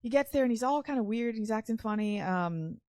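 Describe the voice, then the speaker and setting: A woman's voice: fairly high pitch, expressive, brisk, a little mellow, dry recording, clean studio sound. A young woman telling a personal story in casual talk, rambling with lots of "like" and swearing. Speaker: podcast guest.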